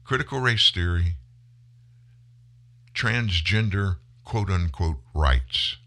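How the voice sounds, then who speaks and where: A male talk radio host giving an impassioned monologue, speaking emphatically to listeners, rising to loud bursts and dropping low again. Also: expressive, takes it slowly. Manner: addresses listeners as folks.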